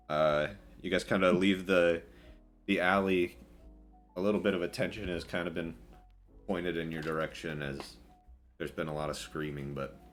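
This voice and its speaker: A man with a lowish voice runs a tabletop game, narrating in a loose, filler-heavy ramble. Faint music plays behind him. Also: a bit bright. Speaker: game master.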